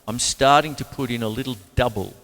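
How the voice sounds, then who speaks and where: A man's voice: medium pitch, brisk, music in the background. A man from Australia giving a chatty, rambling drum lesson, counting beats aloud as he plays a kit. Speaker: drum teacher. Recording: long hall reverb, drums playing loudly.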